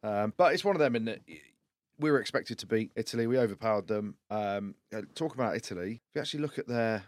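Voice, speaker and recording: Give me a low-voiced English man rattling off blunt, teasing rugby takes. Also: expressive, no room sound. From England. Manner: blunt, teasing, quick-fire rugby opinions. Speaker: podcast co-host. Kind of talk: casual studio banter. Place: studio.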